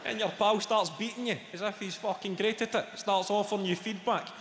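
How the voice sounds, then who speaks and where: A Scottish stand-up comedian performs live in a large theatre, sardonic and sweary as he does crowd work and teases the audience. His voice is high, with a steady tone and a slightly fast pace. The echoey hall carries loud audience laughter and a bit of hiss or hum.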